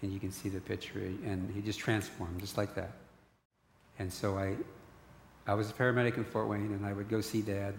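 In an echoey hall, a middle-aged male guest tells the story of his faith, earnest but frequently starting over. His voice is on the low side and flat, at a normal pace, with a little background hiss or hum.

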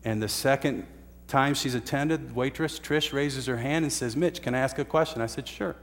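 A man's voice: mid-range voice, moderate pace, big-room sound. A man preaching a sermon, telling a story earnestly with uhs and restarts. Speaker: pastor.

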